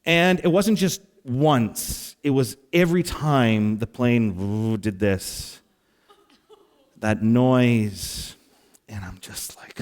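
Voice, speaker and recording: A man delivers a sermon as a pastor, weaving in a personal anecdote. His voice sits at an ordinary middle pitch, and he tells the story with animated, self-deprecating energy, complete with exasperated sighs. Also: very slow.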